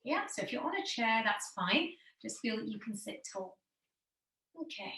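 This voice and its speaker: A woman leading a guided breathing and posture lesson in a slow, soothing, gently encouraging way. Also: on the high side, animated, roomy sound, rough recording.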